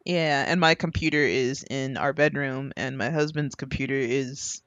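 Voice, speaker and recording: A young man co-hosting a casual podcast chat, animated and prone to acting out voices in his stories. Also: moderate pace, smooth, dry recording, dull audio. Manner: animated, acts out his baby daughter in high voices. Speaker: podcast co-host.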